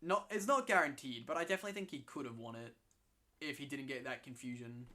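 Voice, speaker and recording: A man in casual game commentary, excitable and swearing freely, often restarting his sentences. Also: mid-range voice, fast talker. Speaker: co-host commentating league matches.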